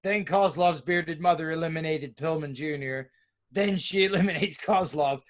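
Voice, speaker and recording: A man's voice: a little high, moderate pace. A man co-hosting a wrestling podcast, recapping events wryly, swearing casually and laughing through his lines. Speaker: podcast co-host.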